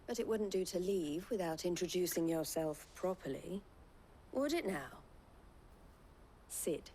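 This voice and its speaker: A woman's voice: fairly low pitch, animated, a little slow, dark tone, a little hiss or hum. An actress playing a gracious but shrewd businesswoman in a video game cutscene, with faint music behind. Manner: polished, gracious, shrewdly teasing. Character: shrewd businesswoman running a caravan company.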